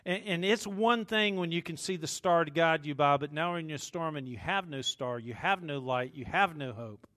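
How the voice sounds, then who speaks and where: Dynamic preacher man, hushed to booming. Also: normal speed, few pauses. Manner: jokes with the congregation. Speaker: pastor. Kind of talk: sermon.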